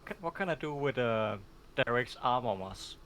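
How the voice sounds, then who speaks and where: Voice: mid-range voice, animated, normal speed, crowd noise. A player in a tabletop game, speaking casually and playfully, with frequent fillers.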